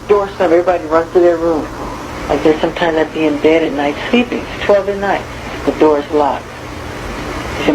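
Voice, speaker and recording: Animated man telling stories. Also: fairly high pitch, brisk, noisy background. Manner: animated storyteller, acts out quotes. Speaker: interviewee. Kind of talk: interview recollection.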